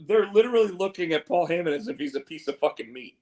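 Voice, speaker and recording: A man co-hosting a casual wrestling chat, animated and swearing often while acting out quotes. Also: on the high side, fast talker. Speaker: podcast co-host.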